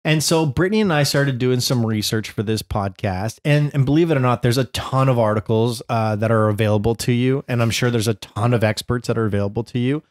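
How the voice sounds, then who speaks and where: Animated man telling a family story. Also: mid-range voice, a little fast, few pauses. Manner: animated storytelling, acts out quotes loudly. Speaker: podcast co-host. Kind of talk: casual chat.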